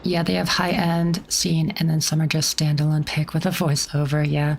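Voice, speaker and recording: A woman's voice: sits low, little pitch movement, normal speed, gravelly, faint music behind. A woman streamer giving casual game commentary in a chatty, rambling manner full of likes and restarts.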